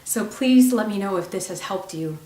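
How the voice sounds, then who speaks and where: A woman hosting a self-help video, talking warmly and encouragingly straight to the viewer. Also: mid-range voice, expressive, normal speed, roomy sound, recorded from a distance. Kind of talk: gentle spoken self-help talk.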